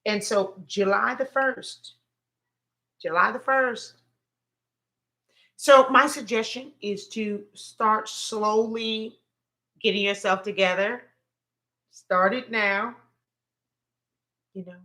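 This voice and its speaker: A woman hosting a livestream motivational talk, emotional and repetitive, sliding from gentle spiritual encouragement into loud exasperated rants. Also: mid-range voice, fairly even intonation, slow, pauses often. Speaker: host and counselor.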